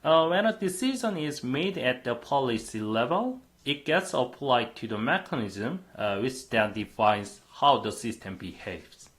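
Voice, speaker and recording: A man's voice: mid-range voice, lively intonation, measured pace, hardly any pauses, fairly bright tone. A man lecturing a university class on computing, explaining step by step with frequent "uh" fillers.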